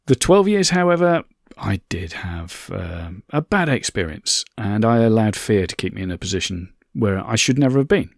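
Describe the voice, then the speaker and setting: Gravelly man, earnest podcast chat. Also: on the low side, big pitch swings, normal speed, hardly any pauses, no room sound, clean studio sound. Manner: earnest, conversational, repeats phrases for emphasis. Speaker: podcast host. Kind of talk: reflective motivational monologue.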